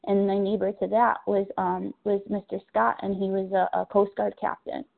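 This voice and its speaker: A woman talks openly at a recovery meeting, pausing often to find her words. Her voice has a gravelly fry. It comes through a narrow, tinny phone line. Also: mid-range voice, little pitch movement. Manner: halting, searching for words, candid. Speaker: recovery meeting member sharing. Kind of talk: personal share on a phone meeting.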